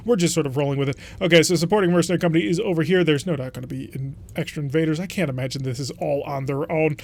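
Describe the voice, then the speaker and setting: A man's voice: fairly high pitch, racing, few pauses, darkish tone. A man hosting a let's play, chatting casually and thinking aloud as he plays a strategy game. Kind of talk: casual gameplay commentary.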